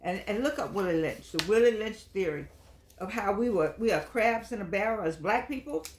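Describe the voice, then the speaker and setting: A woman's voice: medium pitch, animated, fairly quick, roomy sound, a little hiss or hum. An older woman hosting a senior-life show, talking in an earnest, chatty way with preacher-like emphasis and reading from a book. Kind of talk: casual motivational talk with book reading.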